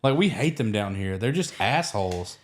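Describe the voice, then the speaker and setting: A man with a Southern American accent hosting a podcast, chatting casually in an animated, joking way and swearing freely. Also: on the low side, normal speed. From Alabama, US. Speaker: podcast host.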